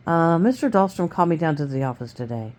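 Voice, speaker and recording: A teenage boy speaks haltingly, low and uneasy, as a woman reads his lines. It sits in a read-aloud storybook. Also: very animated, darkish tone.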